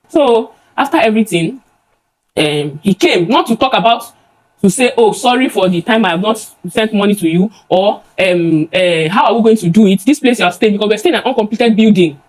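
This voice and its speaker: Young nigerian woman telling a judge her side, talks super fast, keeps restarting and repeating words. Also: mid-range voice, a little mellow, low-quality recording. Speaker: complainant before a judge. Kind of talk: emotional testimony.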